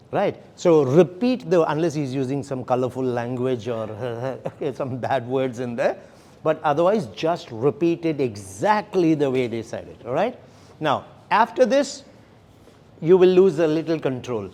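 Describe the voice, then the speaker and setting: A man's voice: fairly high pitch, lively intonation, moderate pace, darkish tone. A man leading a sales training session, explaining steps and often checking in with "okay?" and "right?". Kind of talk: classroom training lecture.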